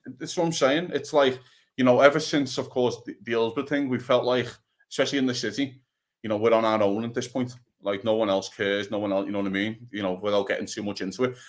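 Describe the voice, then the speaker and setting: A man's voice: medium pitch, fairly even intonation, fast talker. A man from Liverpool with a Scouse accent, co-hosting a casual football chat and talking passionately, with swearing along the way. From Liverpool, England. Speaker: podcast co-host.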